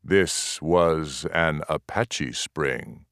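A man voicing a calm, grave male chieftain who speaks in slow, short, deliberate sentences. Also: rumbling low, no echo, clean studio sound, pitched below the performer's own voice, heavily acted. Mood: grave, measured.

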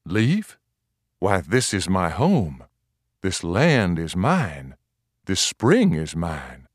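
A man's voice: low voice, wildly swooping pitch, drawn-out words, dry recording, studio quality, exaggerated voice. A man voicing a stubborn, brave young frontier mother who speaks firmly and plainly. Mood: firm, defiant.

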